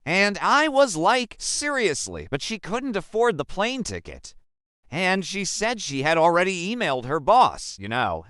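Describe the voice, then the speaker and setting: A young man from Africa narrating a personal story in the first person, slow and emphatic. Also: high-pitched, pushed and bright, clean tone, dry recording, clean studio sound. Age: young adult.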